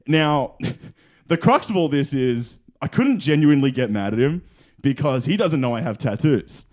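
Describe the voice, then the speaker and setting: A man's voice: mid-range voice, moderate pace. Give me a young man co-hosting a casual podcast, telling a long story with lots of swearing and acted-out quotes. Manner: animated, swearing, acts out quotes. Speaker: podcast co-host.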